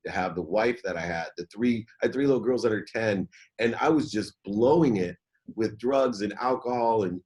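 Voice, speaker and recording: A middle-aged man telling a personal story as an interview guest, candid and halting, often repeating words as he starts over. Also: lowish voice, darkish tone.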